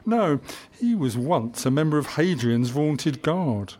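A man's voice: a little high, big pitch swings, slow, darkish tone, full character voice. A man voicing a scornful male Roman soldier who taunts and mocks with open contempt. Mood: sneering.

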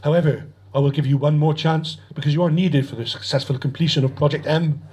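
A man voicing a harsh, domineering male alien navigator who barks orders and rises to shouts. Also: a little high, steady tone, fast talker, slightly rough. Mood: commanding. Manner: barking orders, rising to shouts.

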